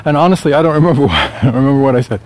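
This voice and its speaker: A man of middle pitch talks on a stroll along a street, with faint traffic hum behind him. He meanders from thought to thought, restarts his sentences and slips in dry little jokes. The mood is loose and unhurried, a writer thinking out loud. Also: sing-song. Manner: meandering, self-correcting, wry. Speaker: novelist. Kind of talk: casual rambling monologue on a walk. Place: outdoors on a town street.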